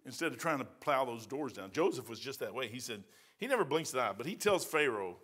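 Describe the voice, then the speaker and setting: A man's voice: medium pitch, very animated, fairly quick, fairly bright tone, husky. A male pastor with a Midwestern American accent, preaching a verse-by-verse sermon in a folksy, emphatic way with colloquial phrasing. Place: church sanctuary.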